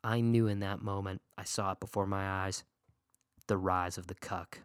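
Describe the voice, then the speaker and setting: A man hosting a casual recap of his league's matchups. He talks in an animated, sarcastic way and swears often. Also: low-pitched, moderate pace, clear, resonant tone, no room sound, studio quality. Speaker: fantasy league podcast host. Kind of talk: casual profane recap rant.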